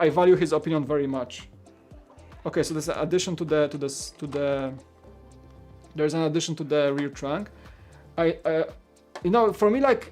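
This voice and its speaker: A man's voice: fairly high pitch, darkish tone. A man whose first language is Polish chats casually through a live build stream. He stammers, restarts his sentences and laughs often, while music plays faintly underneath his voice. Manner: rambling, stammers and repeats words; chuckles often while talking. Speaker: livestream host.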